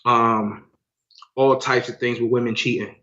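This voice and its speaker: A man's voice: mid-range voice, steady tone, a little slow, fairly bright tone, slight background noise. A man co-hosting a podcast in casual chat, slangy. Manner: slangy, calls listener "son" and "B". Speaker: podcast co-host. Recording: dull lo-fi sound.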